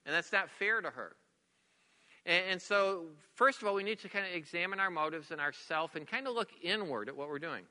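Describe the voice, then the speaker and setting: Middle-aged man, pastor giving a sermon, high voice, earnest and repetitive, long hall reverb. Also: lively intonation, fairly quick, sharp tone. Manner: earnest, repeats words, drops to a near whisper for emphasis.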